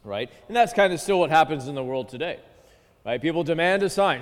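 A man's voice: fairly high pitch, animated, brisk. A male pastor giving a conversational sermon, often checking in with "okay" and "right". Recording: long hall reverb.

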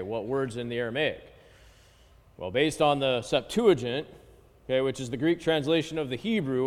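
A man teaches a Bible class in a mid-pitched voice. His words ring out with a long reverb, as if he were in a large church hall. He checks in with his listeners after nearly every point. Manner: checks in with listeners, constant "okay?" and "right?"; reads Greek and Hebrew phrases aloud slowly. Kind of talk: Bible study lesson.

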